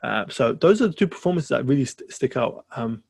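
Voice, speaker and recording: A man's voice: medium pitch, lively intonation, fairly quick, gravelly, a little mellow, husky, no echo, studio quality. A man co-hosting a podcast in casual chat, rambling with fillers and restarts. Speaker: podcast co-host.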